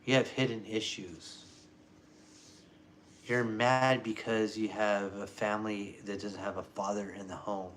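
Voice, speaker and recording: A man's voice: level tone, a little slow, fairly bright tone, a little hiss or hum. Muttering man ranting to camera. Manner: muttering, low-key, rambling. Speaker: vlogger.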